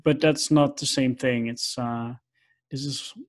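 A man hosts a conversational interview at a mid pitch that is ordinary for a man. He is hesitant, fills his speech with ums and likes, and lets his questions trail off unfinished. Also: steady tone, measured pace. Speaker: podcast host.

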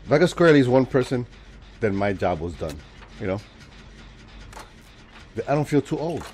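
A man's voice: medium pitch, normal speed, slight background noise. A man in his forties chatting with his viewers and joking around as he streams a game. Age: 40s. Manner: chatty, jokey, talks to chat while playing; lively, swings from mumbling to loud exclamations. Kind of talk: live game stream chat.

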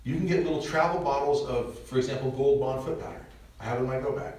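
A man's voice: mid-range voice, fast, a little mellow. A middle-aged man from Nebraska speaking casually to a parish audience, joking and chatty with lots of asides. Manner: conversational, joking, with frequent asides and chuckles. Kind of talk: casual talk to a church audience. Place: large church. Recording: echoey church from far off.

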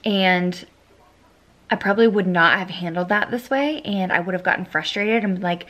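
A woman's voice: medium pitch, normal speed, a bit bright. A young woman, a single mom, chatting casually to camera in a rambling vlog style with lots of fillers.

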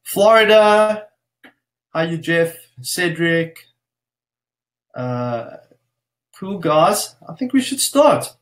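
A man hosts a live online webinar in a casual, upbeat manner. His voice sits a little high, and he speaks slowly and warmly as he welcomes each viewer. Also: lively intonation. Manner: upbeat, greets viewers one by one. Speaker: webinar host.

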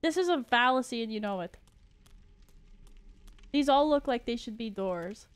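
A woman's voice: fairly high pitch, lively intonation, normal speed, clear, resonant tone, dry recording. A woman streaming a game, chatting playfully with viewers and giggling often. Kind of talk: casual gaming commentary.

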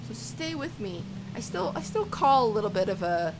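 A woman's voice: fairly high pitch, very animated, normal speed, background noise. A young woman giving casual let's-play commentary, chatting to the animals in her game as if they were her kids. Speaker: gaming YouTuber.

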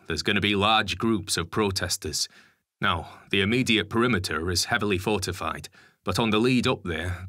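A man voicing a calm, reassuring convoy driver who speaks in a steady, matter-of-fact way. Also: sits low, dry recording, clean studio sound.

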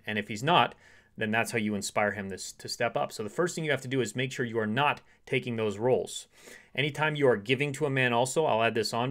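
Man coaching women on dating. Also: mid-range voice. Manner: acts out short quoted dialogues in softer voice.

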